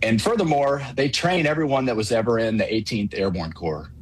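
A man calling in to a talk radio show, explaining his points in a measured way. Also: mid-range voice, a little hiss or hum, low-quality recording. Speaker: caller. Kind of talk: casual call-in. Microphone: phone line.

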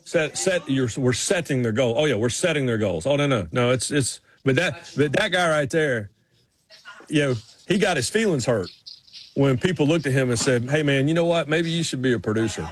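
A man's voice: medium pitch, animated, moderate pace. A man with a Southern US accent from North Carolina, co-hosting a radio show in playful, rambling banter. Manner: playful, rambling, lots of restarts. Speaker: co-host.

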